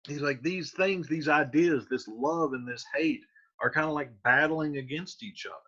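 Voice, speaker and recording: A man teaching a casual literature lesson, explaining lines in loose slang with an animated delivery, recorded in lo-fi. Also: on the high side, normal speed.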